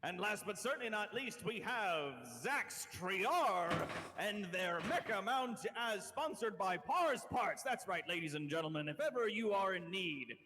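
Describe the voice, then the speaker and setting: A man's voice: sits high, lively intonation, unhurried. Playful man, announcer-style, reverberant. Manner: showy, playful announcer delivery. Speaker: player voicing an arena announcer. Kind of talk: tabletop role-play, announcer banter. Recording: long hall reverb, faint noise.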